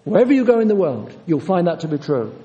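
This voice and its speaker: Earnest preacher in a hall. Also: male voice, high voice, big pitch swings, fast talker, dark tone, lo-fi sound. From Yorkshire, England. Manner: earnest, insistent, repeating phrases for emphasis. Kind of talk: sermon. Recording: long reverb of a large hall.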